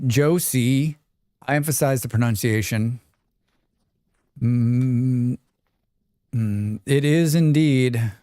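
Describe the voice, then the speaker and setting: Male game streamer, relaxed and rambling, clear dry close voice, reads chat. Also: fairly high pitch, no echo. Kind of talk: casual live-stream chat while playing.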